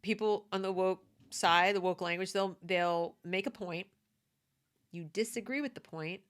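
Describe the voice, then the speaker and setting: A woman's voice: lowish voice, unhurried, fairly bright tone, smooth. A woman delivering a conversational opinion monologue, emphatic and prone to repeating her points. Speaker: commentator.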